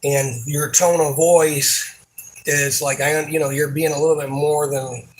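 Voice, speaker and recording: A man with a slightly high voice rants about his job in a loose, meandering way. He swears freely and keeps breaking off and restarting his sentences as his frustration spills out. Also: flat delivery, a little hiss or hum, poor audio. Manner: frustrated, rambling, swears a lot; halting, many fillers and restarts. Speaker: supermarket worker. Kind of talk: casual venting monologue.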